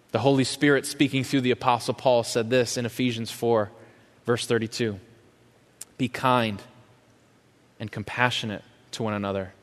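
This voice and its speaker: A man preaching a sermon as a pastor, impassioned and questioning, swinging from loud to hushed. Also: mid-range voice. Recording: long hall reverb.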